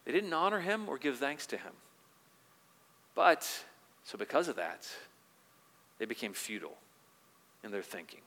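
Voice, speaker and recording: A man preaching a sermon in an earnest manner. He grows louder when he quotes scripture and drops soft on quieter points. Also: mid-range voice, very animated, normal speed, long pauses, long reverb tail. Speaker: pastor.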